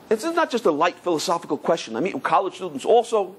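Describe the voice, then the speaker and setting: A middle-aged man, a rabbi, giving a Torah lecture in an animated storytelling manner full of repetitions. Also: sits high, fast, hardly any pauses, slightly rough.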